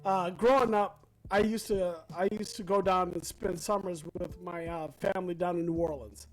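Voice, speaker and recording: A man's voice: sits high, fairly even intonation, moderate pace, low-quality recording. A man from the Rochester suburbs in casual radio-show chat, telling stories with hesitant restarts.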